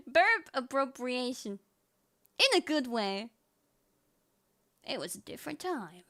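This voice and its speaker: Bubbly high-voiced young woman streamer. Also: slow pace, pauses often, no echo, studio quality. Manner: excitable, laughs often, swears casually. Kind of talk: casual livestream chat.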